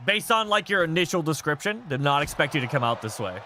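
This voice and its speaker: A man streaming a wrestling game, chatting casually with viewers, rambling and reading chat aloud, with loud bursts as he reacts to the match. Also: a little high, sing-song, quick pace, a little hiss or hum.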